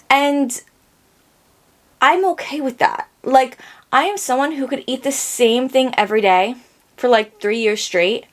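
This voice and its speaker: A young woman hosts a casual solo podcast, her voice sitting a touch high. She rambles and laughs at herself, trailing off into fillers and restarts. She sounds a little under the weather. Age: young adult. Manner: rambling, self-mocking, lots of fillers. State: sick. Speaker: podcast host.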